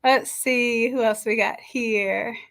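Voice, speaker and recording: A woman hosting a live stream from a home setup, chatting and greeting each viewer warmly by name. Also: fairly high pitch, fairly even intonation, slow. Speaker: livestream host and design coach. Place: home setup with makeshift camera stand. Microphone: camera on a stand.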